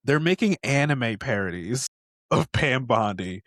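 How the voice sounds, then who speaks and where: A man's voice: moderate pace, no room sound, studio quality. A man co-hosting a podcast in casual chat, sarcastic and profane, acting out quotes. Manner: expressive, sarcastic, profane, acts out quotes in high voices. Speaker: podcast co-host.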